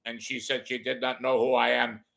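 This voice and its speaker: A man doing an impression of a movie gangster as a stand-up comic, loud with a heavy put-on accent. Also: mid-range voice, level tone, normal speed, gravelly. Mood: menacing.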